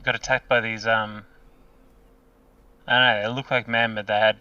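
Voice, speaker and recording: A man playing a tabletop game, speaking in a calm, measured way. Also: on the low side, clear, resonant tone, no room sound, far from the mic, highs cut off. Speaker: player. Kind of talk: casual tabletop game chat.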